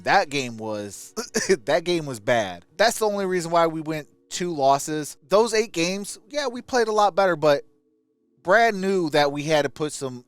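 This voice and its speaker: A man hosting a fan channel, giving casual sports commentary in a chatty, enthusiastic way with frequent asides and chuckles. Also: a little high.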